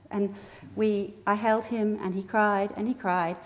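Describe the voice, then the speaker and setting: A woman's voice: mid-range voice, measured pace. A middle-aged woman sharing a personal anecdote in a training talk, acting out what people said and laughing often. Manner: lively storyteller who acts out quotes and laughs often. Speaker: staff trainer. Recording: echoey hall with faint noise.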